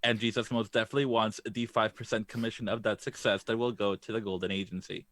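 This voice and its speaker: A man voicing a smooth, money-minded talent agent who spins everything like a salesman, in a tabletop role-play. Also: on the low side, little pitch movement, fast, a bit bright, dry recording, close to an everyday voice. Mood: slick.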